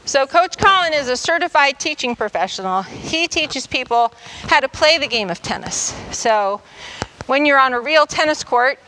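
A woman coach leads an instructional tennis demonstration for a class in a school gym, walking through each step and frequently checking in. Her voice is high-pitched, bright and forceful, though the audio is poor with some hiss or hum.

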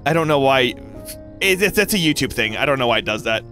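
A young man from North Carolina giving casual, rambling gameplay commentary as a gaming YouTuber, giggly and excitable. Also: mid-range voice, quick pace, faint music behind.

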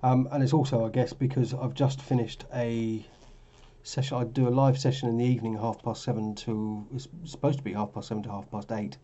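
In this casual screen-share commentary, a weary forex vlogger talks over his trading charts, wandering off track and fixing his own words as he goes. He has a medium-pitched, mellow voice with a level tone and a fairly quick pace, captured in dull audio.

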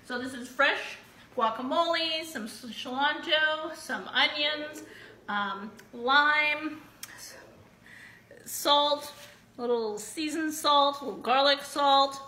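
Her voice is high and sharp, slow-paced, picked up by a distant mic as she hosts a live giveaway show. She fries tortilla chips in her home kitchen and chats with viewers, bubbly and whooping often. The room echoes, she's slightly off-mic, and faint noise lingers.

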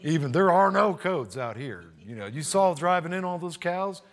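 A man voicing a dismissive, condescending rural male insurance adjuster who speaks slowly. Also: on the high side, expressive.

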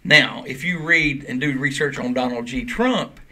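A man's voice: mid-range voice, moderate pace, sharp tone. A man hosting a casual podcast, explaining at length in a loose, chatty way. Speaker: podcast host. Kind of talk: casual chat.

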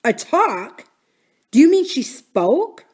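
Picture an earnest, fretful housekeeper, lifting her voice higher in alarm as she questions and pleads, as a woman reading a novel aloud puts her on. The voice is fairly high for a woman and stays plainly her own, with startled, searching questions. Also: sing-song, slow pace, darkish tone, exaggerated voice. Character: anxious kindly middle-aged housekeeper woman.

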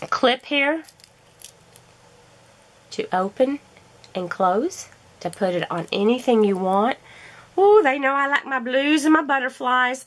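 A woman gushing and gasping with delight as she unboxes a craft haul for her vlog. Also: a little high. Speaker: crafting vlogger.

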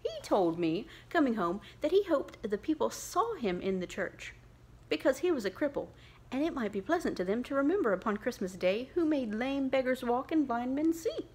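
A kind-hearted poor clerk and loving father, played by a woman narrating a classic novel. He speaks gently and with feeling, a little raised above the narrator's own voice. An audiobook character, lightly sketched. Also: sits high, sing-song, normal speed, breathy edge, voice pushed up, exaggerated voice. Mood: tender.

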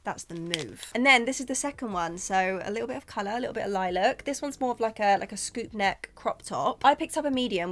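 A woman's voice: medium pitch, fairly bright tone. A young British woman with a British accent, chatting casually through a shopping haul, full of fillers and frank, sweary asides. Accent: British English. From Britain. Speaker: vlogger.

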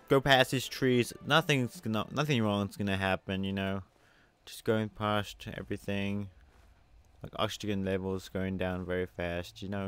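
A man narrating his play of a video game, excitable and chatty with viewers, swinging between loud outbursts and soft muttering. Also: on the low side, unhurried, smooth, soft background music. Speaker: gamer. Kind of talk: let's play commentary.

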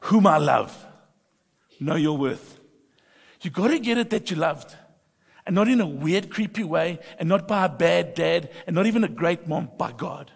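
A middle-aged pastor preaching a sermon, emphatic and humorous, moving between soft confiding talk and loud bursts. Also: male voice, high voice, lively intonation, moderate pace, gravelly, breathy edge. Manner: humorous storytelling. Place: church sanctuary. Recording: long reverb of a church hall.

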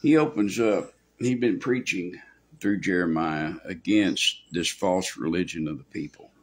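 A man's voice: rumbling low, husky. A male pastor preaching a sermon in a folksy, rambling way with asides.

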